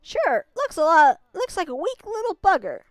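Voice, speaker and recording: A woman's voice: extremely high pitch, big pitch swings, normal speed, no room sound, voice pushed up. A woman voicing a scrappy country boy with a dog who talks in a cocky, scoffing, folksy way.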